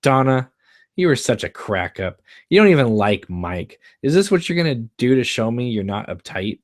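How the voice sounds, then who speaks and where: A man reading the part of a restless, troubled teenage girl with a halting, wry delivery. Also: medium pitch, sing-song, no echo, studio quality, natural voice.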